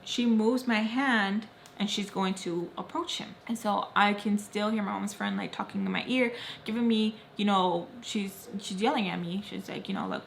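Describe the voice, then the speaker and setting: Animated young woman telling a story. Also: mid-range voice, normal speed, hardly any pauses. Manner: animated storytelling, acts out quoted voices. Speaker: vlogger. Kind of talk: storytime while doing makeup. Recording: faint background noise.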